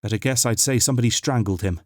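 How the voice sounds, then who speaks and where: A man's voice: mid-range voice, fast, a little mellow, no echo, clean studio sound, lightly acted. A man voicing a practical young male companion who speaks in a matter-of-fact way.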